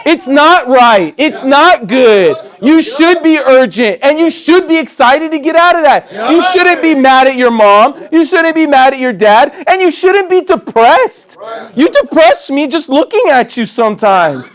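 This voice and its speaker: A man with a Texan accent, a company chairman giving a fired-up motivational speech on stage, intense, blunt and profane, often shouting. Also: very high-pitched, sing-song, unhurried.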